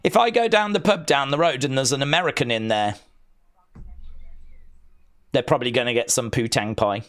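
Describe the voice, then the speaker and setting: An Englishman with an English accent hosts a live wrestling watch-along, chatting casually in a rambling, joking way. His voice is medium-pitched and fairly bright, at normal speed.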